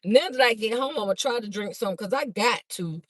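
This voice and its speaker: A woman chatting fast on a phone livestream to her viewers, a bit out of breath as she walks from a car through a garage into a house. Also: fairly high pitch, expressive, a bit bright, dry recording. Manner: chatty, talks fast to viewers, calls them "y'all". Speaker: livestream host and vendor. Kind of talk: casual livestream chat to viewers. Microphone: phone held by hand.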